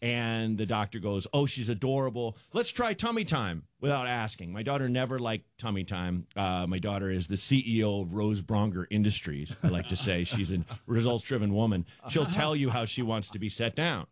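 A man's voice: on the low side, moderate pace, few pauses, no room sound, clean studio sound. A middle-aged man, a guest comedian, telling funny stories in casual chat, acting out quotes and laughing often. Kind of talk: comic storytelling in casual chat.

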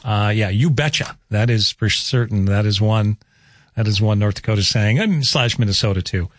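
A man's voice: fairly low pitch, normal speed. A man hosting a morning radio show, chatting casually and rambling through the weather. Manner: folksy, rambling, chuckling asides. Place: radio studio. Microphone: studio microphone.

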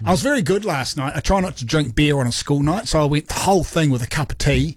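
A man, chatting excitedly and jokingly about sport as a radio guest. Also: a little high, quick pace, hardly any pauses. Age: 50s. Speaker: sports talk host, guest commentator. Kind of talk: casual radio sports chat.

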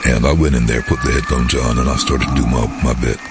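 A man who works as a voice-over artist, telling animated stories in an interview with a very deep, husky voice. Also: fast talker, heavy background noise. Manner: animated, acts out voices in anecdotes. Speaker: voice-over artist and former train driver. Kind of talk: interview storytelling.

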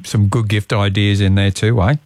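A man's voice: on the low side, little pitch movement, normal speed, darkish tone, no echo. A man hosting a radio show, casually prompting his guest with short, friendly interjections. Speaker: radio host.

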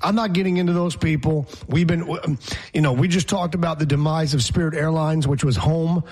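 A man's voice: on the high side, steady tone, brisk, a little mellow. A man co-hosting a podcast, ranting and mocking in casual chat. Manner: sarcastic, mocking rants. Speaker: podcast co-host.

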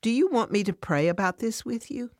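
A woman voicing a caring friend who speaks cautiously and quietly. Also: on the high side, lively intonation, fairly quick, no echo, clean studio sound, voice pushed up. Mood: calm.

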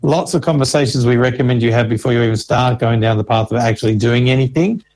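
A man's voice: mid-range voice, fast, darkish tone, slight background noise, low-quality recording. A man, an information officer answering interview questions patiently and walking through examples step by step. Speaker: Services Australia financial information officer.

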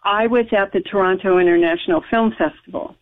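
A woman's voice: mid-range voice, fairly even intonation, fairly quick. American woman guest on a tinny phone line, emphatic, rambling storyteller. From United States. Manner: rambling, emphatic, with frequent restarts and laughs. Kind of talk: recounting a personal story in conversation.

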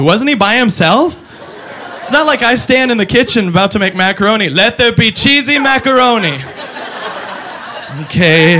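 A man's voice: sits high, a bit bright, slight background noise. A man doing stand-up comedy, rambling animatedly and laughing at his own jokes.

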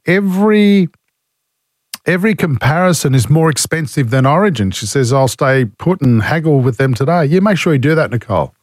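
Blunt Australian talk radio host. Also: male voice, on the high side, no room sound, studio quality. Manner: blunt, opinionated, indignant. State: has a cold. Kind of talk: talkback radio, reading listener texts. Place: radio studio.

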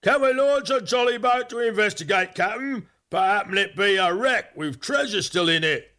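A man doing cheering high-pitched pirate crewmen. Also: expressive, moderate pace. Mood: eager. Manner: shouting, cheering. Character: rowdy eager pirate crew of men. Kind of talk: storybook reading.

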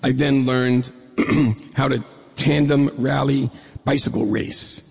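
A man's voice: medium pitch, slow, vocal fry, breathy edge. A middle-aged man from New York State telling a humorous personal story on stage, acting out the dialogue. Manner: humorous, lively storyteller who acts out dialogue. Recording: echoey hall reverb.

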